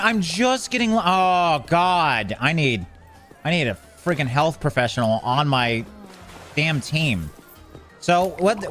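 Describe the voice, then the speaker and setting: A man's voice: on the high side, expressive, a little slow, fairly bright tone, soft background music. A man giving casual running commentary while playing a game, chatting to the characters on screen and getting flustered as things go wrong. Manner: talks to game characters, swears mildly, gets flustered. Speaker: gameplay commentator.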